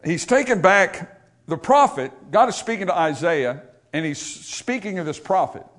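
A male pastor with a somewhat high voice delivers a sermon in church. He rises into loud, pleading calls, then drops to soft, low asides. He keeps drawing the congregation in with questions. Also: expressive, normal speed. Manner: preaching with big swings between loud high exhortation and quiet low asides.

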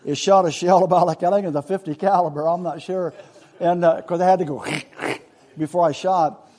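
A man's voice: sits high, steady tone, fairly quick, darkish tone. A man, telling a rambling hunting story in a casual, folksy way with laughs along the way.

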